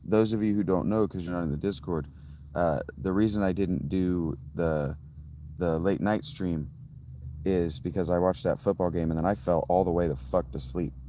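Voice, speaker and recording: Low-voiced rambling male streamer. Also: fairly even intonation, moderate pace, dark tone, a little hiss or hum. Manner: rambling, tangential, many restarts. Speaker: livestreamer reading chat. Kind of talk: casual live-stream chat. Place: outdoors by a fountain.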